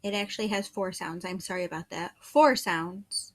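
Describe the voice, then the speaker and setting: A woman's voice: mid-range voice, a little slow, hardly any pauses. A woman teaching first grade phonics, patiently sounding out letters and words one at a time. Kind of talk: slow phonics dictation lesson.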